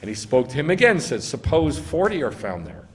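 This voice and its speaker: A man's voice: a little high, huge pitch swings, fairly quick, big-room sound. A man preaching as a rabbi, reading scripture aloud and arguing its meaning, rising to emphasize key lines. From United States. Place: synagogue sanctuary.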